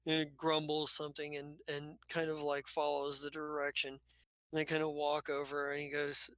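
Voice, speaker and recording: A game master narrating a tabletop game scene in halting bursts, with many restarts. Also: medium pitch, completely flat delivery, fairly bright tone, dry recording.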